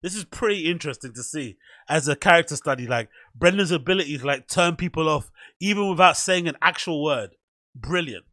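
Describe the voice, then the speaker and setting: A man's voice: fairly high pitch, animated, a little fast, bright, forceful tone. A man hosting a podcast, casually commenting on clips in a rambling, self-mocking way. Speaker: podcast host.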